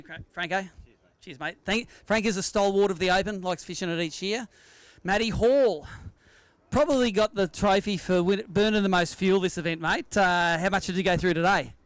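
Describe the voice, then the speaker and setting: A man's voice: high-pitched, no echo. An Australian man emceeing a live fishing weigh-in, chatting with anglers and teasing them with jokes. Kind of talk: live event commentary with banter. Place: outdoor weigh-in at a sailing club.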